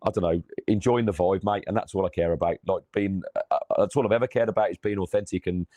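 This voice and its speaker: A man co-hosting a football fan show, chatty and excitable, his voice going hoarse. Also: sits low, quick pace, no room sound, clean studio sound. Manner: excitable, chatty, calls listener mate. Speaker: co-host of a football fan channel. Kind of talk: casual chat.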